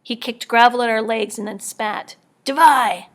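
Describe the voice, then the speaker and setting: A woman narrating an audiobook in the first person, quiet and measured, often near a whisper. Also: fairly high pitch, flat delivery. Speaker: audiobook reader.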